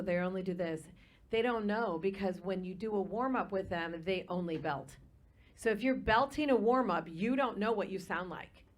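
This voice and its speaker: Woman voice teacher giving practical critique. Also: mid-range voice. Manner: measured, instructive, practical advice. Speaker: competition judge and voice teacher. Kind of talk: live judge's critique. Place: live performance venue.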